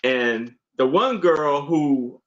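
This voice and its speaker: Slow-talking man in casual chat. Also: on the high side, animated. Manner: unhurried, halting, with many restarts. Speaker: live-stream co-host. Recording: dull lo-fi stream audio.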